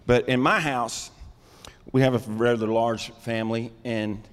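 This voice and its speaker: A middle-aged man preaching a sermon, calling out to the congregation and rising into loud, emphatic bursts. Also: medium pitch, fairly even intonation, a little slow, smooth, big-room sound. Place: church sanctuary.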